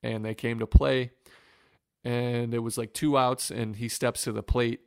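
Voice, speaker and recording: A man from Northwest Ohio, a former pitcher, telling an earnest and emotional story in an interview. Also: little pitch movement, a little slow, creaky, smooth, no room sound, studio quality. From Northwest Ohio, USA. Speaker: former professional baseball pitcher, guest.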